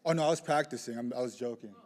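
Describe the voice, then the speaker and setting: A young man giving a lively lightning talk, joking with the audience and pushing them into call-and-response. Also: medium pitch, racing. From southeast side of Chicago. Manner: playful, rallying crowd call-and-response. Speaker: community organizer speaker. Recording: reverberant hall, live talk.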